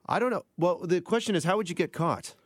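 A man acting as co-host on a radio show, answering in a deadpan, matter-of-fact way. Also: sits high, fast, no room sound, studio quality. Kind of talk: casual radio banter. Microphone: studio microphone.

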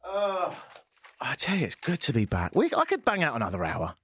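A man's voice: on the high side, wildly swooping pitch, moderate pace, a bit bright, husky. A man with an English accent hosting a casual, joking radio talk show from a studio. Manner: chatty, joking, rambling. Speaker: radio host.

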